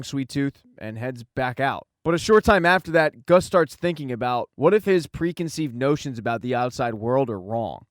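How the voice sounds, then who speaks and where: A man narrating a scripted recap of a show, telling the story briskly and reading quoted lines plainly. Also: fairly high pitch, no room sound, clean studio sound. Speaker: recap channel host.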